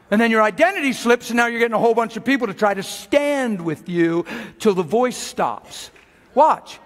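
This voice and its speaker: Animated high-pitched male preacher. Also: normal speed, in a large hall, some chatter behind. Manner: animated, exhorting, acts out voices. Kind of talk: lively sermon with acted skits.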